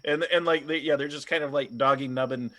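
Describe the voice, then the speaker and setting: A man's voice: mid-range voice, steady tone, fairly quick, a bit bright. A man narrating as game master of a tabletop game, loose and rambling with many fillers.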